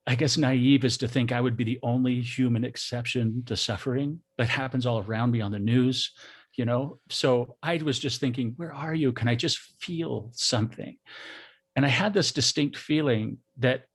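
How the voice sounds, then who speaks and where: A middle-aged man, a guest on an interview show, telling a personal story in a soft, halting, reflective way. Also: mid-range voice, husky.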